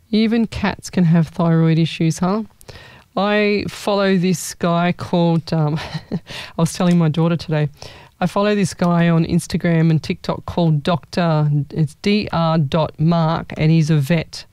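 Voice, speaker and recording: A woman's voice: lowish voice, fairly even intonation, unhurried, dark tone, smooth, no echo. A woman medium chatting casually with her audience, rambling through stories and laughing often. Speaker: psychic medium hosting a live session. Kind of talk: casual live chat.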